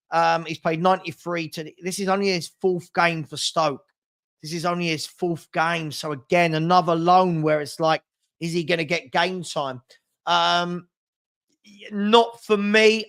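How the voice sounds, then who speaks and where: A chatty man with a slightly high voice hosts a live football stream. He reads viewer comments aloud and answers them in a rambling way. He often restarts and repeats words mid-sentence. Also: a bit bright.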